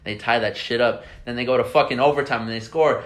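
A young man hosting a podcast, telling excitable, swear-filled stories in casual chat. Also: medium pitch, fast, noisy background. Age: young adult. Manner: excitable storytelling, swears freely. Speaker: podcast host.

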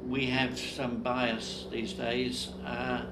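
An older man, a podcast guest, who speaks in a measured, emphatic way and often opens with "look". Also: medium pitch, level tone, noisy background. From Australia. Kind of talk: casual conversational interview. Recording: echoey room.

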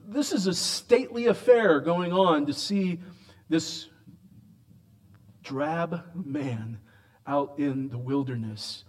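A man gives an animated, emphatic expository sermon, alternating loud raised lines with quiet, low asides. He slows way down whenever he reads out quoted words.

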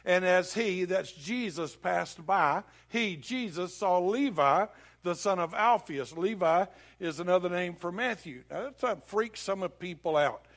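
A man preaches in a church, and his voice sits high. He tells folksy stories and jokes easily with the congregation between scripture readings. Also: animated, a little slow, fairly bright tone. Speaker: pastor. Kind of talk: sermon.

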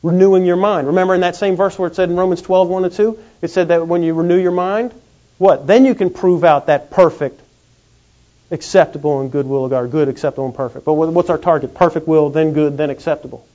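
A man preaching a sermon in a folksy, animated way. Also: on the high side. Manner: folksy, animated, acts out quick comic voices. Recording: dull lo-fi recording.

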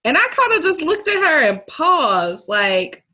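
A woman from Milwaukee, Wisconsin, co-hosting a podcast in casual chat, telling stories with animated quoted voices. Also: sits high, a little slow. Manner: lively storyteller, animated quotes. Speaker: podcast co-host. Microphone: phone or remote line.

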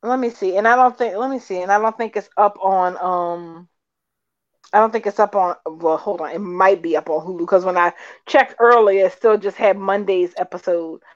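A woman co-hosting a soap opera chat show, recapping episodes with animated retellings and acted-out quotes. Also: mid-range voice, normal speed. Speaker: soap opera podcast co-host. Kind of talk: casual chat. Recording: dull lo-fi audio.

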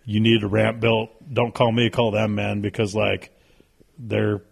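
A man in his thirties, a podcast guest telling stories in a casual, animated way, swearing freely. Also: fairly low pitch, unhurried, vocal fry, husky. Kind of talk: casual storytelling.

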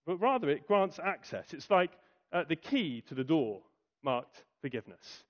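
Lively preacher with dramatic pauses. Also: male voice, on the high side. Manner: rhetorical questions, dramatic pauses and acted quotes. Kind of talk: sermon. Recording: dull lo-fi recording.

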